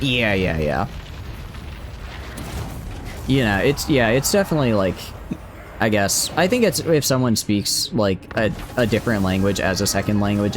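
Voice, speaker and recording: A man's voice: on the low side, a little hiss or hum. A young man with a Southeastern US Southern accent, a streamer chatting casually while playing a strategy game, rambling and correcting himself as he answers chat. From Southeastern United States.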